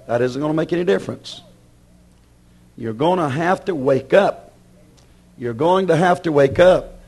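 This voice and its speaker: A man preaching a sermon with passion, acting out his listeners' objections and swinging between loud declarations and hushed warnings. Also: fairly high pitch, animated, moderate pace. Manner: voices imagined objections from the congregation.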